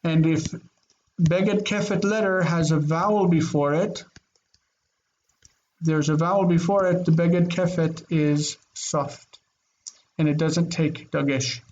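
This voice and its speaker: A man's voice: a little high, fairly even intonation, takes it slowly, pauses often, darkish tone, lo-fi sound. A man teaching a Biblical Hebrew grammar lesson online, explaining with eager enthusiasm and thinking aloud. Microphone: video call.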